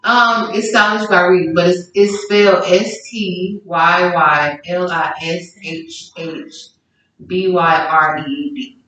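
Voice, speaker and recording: A woman's voice: lowish voice, fairly even intonation, slow, pushed and bright, far from the mic, soft background music. A woman talks in a casual, rambling way, full of restarts and fillers. She sounds well off the mic. Her voice rings through a very echoey room. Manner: rambling, self-correcting with many fillers. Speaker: guest small-business owner. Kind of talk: casual podcast chat.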